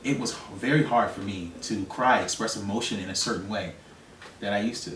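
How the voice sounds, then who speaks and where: Soft-spoken trans man in echoey room. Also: fairly low pitch, fairly quick, distant mic, a little hiss or hum. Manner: soft-spoken, breaks into loud laughter. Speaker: interview guest. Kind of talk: relaxed storytelling.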